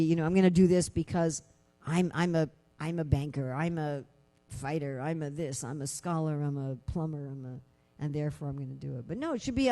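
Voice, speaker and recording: Woman lecturer, scripture class, chatty with lots of "you know", warm mellow tone. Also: deep voice. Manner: conversational, many "you know" fillers; animated storytelling with rhetorical questions.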